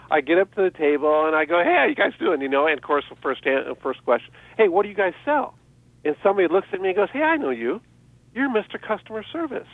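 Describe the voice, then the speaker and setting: A man talks through selling tips in an upbeat, chatty way, with a lively voice that swings up and down and sits a little high. His call comes through a dry, tinny phone line. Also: no echo. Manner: upbeat, animated, laughs often. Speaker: eBay seller guest on radio show. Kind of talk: casual radio chat giving tips.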